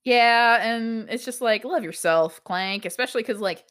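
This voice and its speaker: A woman's voice: fairly high pitch, moderate pace, fairly bright tone, clean tone. A woman in her thirties co-hosting a casual podcast chat, rambling with lots of "like" and frequent laughter. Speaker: podcast co-host. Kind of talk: casual chat reviewing a TV show.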